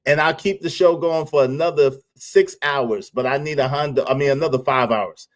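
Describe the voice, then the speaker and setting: A man hosting a casual live stream, animated and teasing, with frequent laughs. His voice sits a little high for a man. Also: normal speed, few pauses. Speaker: livestream host.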